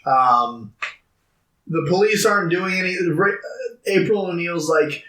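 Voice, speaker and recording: A man's voice: a little high, lively intonation, a little slow, pushed and bright. A man co-hosting a podcast, casually retelling movie scenes and mimicking the characters' lines. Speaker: podcast co-host. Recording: echoey room, off-mic.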